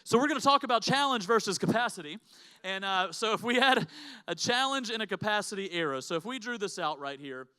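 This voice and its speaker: A middle-aged male pastor preaching, telling a personal story with lively acted quotes and sound effects in a church auditorium. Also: high-pitched, a little fast, smooth.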